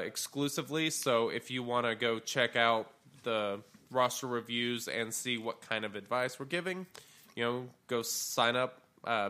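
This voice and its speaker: A man co-hosting a gaming podcast, talking in a relaxed, rambling way with plenty of fillers. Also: medium pitch, clear, resonant tone. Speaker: podcast co-host. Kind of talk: casual gaming podcast chat.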